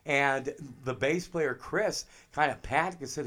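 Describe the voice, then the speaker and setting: A middle-aged man, a drummer, telling animated anecdotes in a casual interview. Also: fairly high pitch, measured pace. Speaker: drummer guest.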